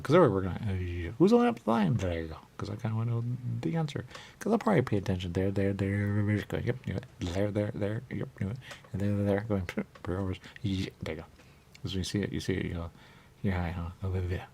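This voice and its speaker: Man, deep voice, gravelly, rambling comic radio chat, repeats himself, faint background noise. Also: a little mellow. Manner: rambling, repeats "there you go", jumps into silly voices. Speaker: radio show host.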